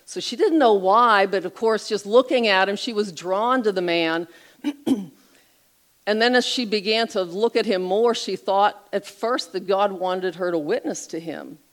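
A middle-aged woman retelling an inspirational story on a Christian talk show, expressive and lively as she narrates. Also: mid-range voice, a little slow, low-quality recording.

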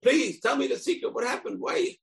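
A man's voice: very animated, normal speed, gravelly. A man voicing a curious wife who keeps begging her husband for a secret. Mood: pleading. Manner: pleading, high and insistent. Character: nagging curious wife, adult woman.

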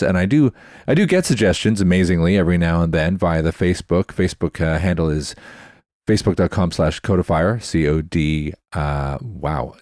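A man's voice: deep voice, a little mellow, no room sound, clean studio sound. A man hosting a tech podcast in a chatty, explanatory way, often spelling words out letter by letter. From Canada. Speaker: podcast host. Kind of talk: casual explanatory podcast talk.

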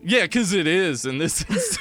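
A fairly high-voiced man with a bright, sharp tone banters as a podcast co-host. His jokey riffs swing widely in pitch over faint noise. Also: normal speed. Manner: jokey, animated riffing. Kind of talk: casual comedic chat.

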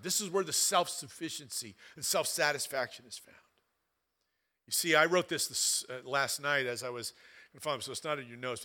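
A man preaching a sermon with a high, ringing voice. He swings between loud, emphatic stretches and quiet, conversational asides to the congregation. His tone stays bright and forward throughout. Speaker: pastor.

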